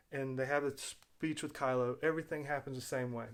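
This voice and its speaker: A man of ordinary pitch talks loosely through his own video. He retells events at length, backs up on his words and drops fillers as he goes. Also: fairly even intonation, brisk, clean tone. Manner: rambling retelling with fillers and restarts. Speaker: video host. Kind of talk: casual spoken commentary.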